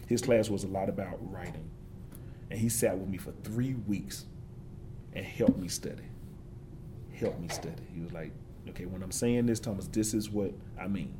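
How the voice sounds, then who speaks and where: A man's voice: sits low, fairly quick, background noise. A man giving an interview, talking with passion and building points through emphatic repetition. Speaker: forester and interview guest.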